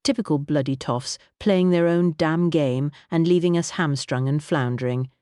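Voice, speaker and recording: A woman's voice: low-pitched, moderate pace, mellow, no echo, studio quality, close to an everyday voice. Woman doing a brusque police inspector. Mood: angry. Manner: blunt, persistent.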